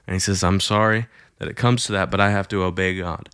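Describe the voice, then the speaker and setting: Man, low voice, dry close sound, chatty faith storyteller who acts out quotes. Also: fairly even intonation, quick pace, few pauses, fairly bright tone, clean tone, dry recording. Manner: conversational retelling with many fillers, acting out quoted lines. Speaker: Christian storyteller. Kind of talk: casual storytelling.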